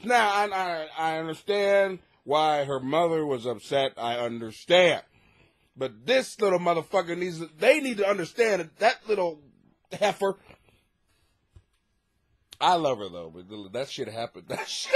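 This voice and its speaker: A man's voice: sits high, very animated, normal speed. A man hosting a comedy podcast from his basement, telling stories in a loose, profane, storytelling way. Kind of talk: casual comedic monologue. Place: home basement.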